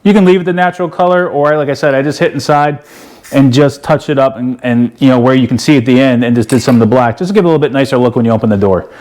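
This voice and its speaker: Middle-aged male DIY host, casual and rambling, plain mid-pitched voice, lots of fillers. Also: fast, a little mellow. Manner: folksy, rambling, lots of "you know" and "uh". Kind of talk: casual how-to walkthrough.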